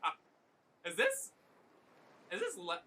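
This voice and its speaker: A man giving live commentary on a video game, excitable and profane, shrieking when thrilled. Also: high-pitched, takes it slowly. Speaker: streamer. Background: faint game music.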